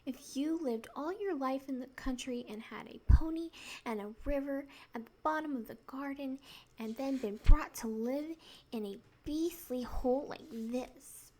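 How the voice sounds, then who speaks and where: A woman's voice: sits high, unhurried, warm tone. Woman doing a miserable whispering boy. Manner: miserable, wound-up and complaining. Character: sulky, upset young boy.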